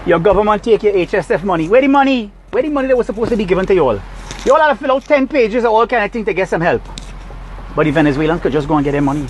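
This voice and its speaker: A man's voice: sits high, rapid-fire, slight background noise, low-quality recording. A Trinidadian man recording a heated, scolding rant from his parked car. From Trinidad and Tobago. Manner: agitated, preachy, scolding. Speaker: vlogger.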